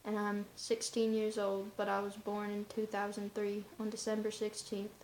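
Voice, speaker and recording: A woman's voice: medium pitch, completely flat delivery, moderate pace, darkish tone, slight background noise. A woman talking in a casual vlog monologue, rambling and offhand, in loose run-on asides. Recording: roomy echoey room.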